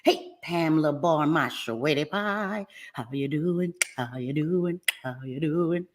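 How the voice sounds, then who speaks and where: A woman hosting a casual livestream, lively and affectionate, greeting viewers by name with pet names like sweetie pie. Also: low-pitched, slow. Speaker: livestream host. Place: home in New Jersey.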